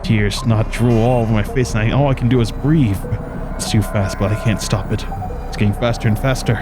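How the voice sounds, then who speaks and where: A man's voice: lowish voice, fairly even intonation, a little fast, over music, lightly acted. A man reading aloud the earnest, trembling inner monologue of an anxious, lovesick young male student from a game.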